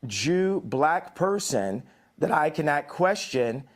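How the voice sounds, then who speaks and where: An American man in a heated interview debate, talking forcefully, repeating himself and pushing back when interrupted. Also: a little high, sing-song, takes it slowly. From United States. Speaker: interview guest.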